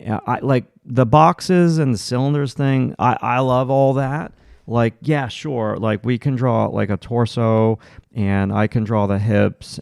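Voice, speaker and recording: A man's voice: fairly low pitch, gravelly, dark tone, dry recording, studio quality. A man teaching a livestreamed drawing lesson, talking through each stroke as he sketches and encouraging viewers to keep going. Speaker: art instructor.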